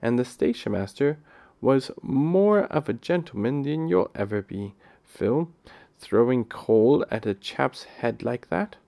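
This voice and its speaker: A man's voice: mid-range voice, animated, slow, vocal fry, warm tone. A man doing a proud, bossy boy. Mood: offhand. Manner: offhand and impatient.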